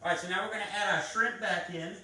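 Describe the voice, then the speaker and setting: A man's voice: high-pitched, steady tone, fast talker, noisy background. A man hosting a live cooking stream, chatting viewers through each step of a recipe in a casual way. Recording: echoey kitchen, mic at a distance.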